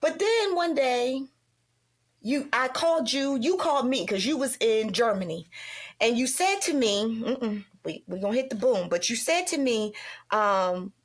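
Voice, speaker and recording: A middle-aged woman hosting a podcast, telling an emotional story in an animated way and acting out the lines she quotes. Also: on the high side, measured pace. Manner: animated, acts out quoted dialogue. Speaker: podcast host.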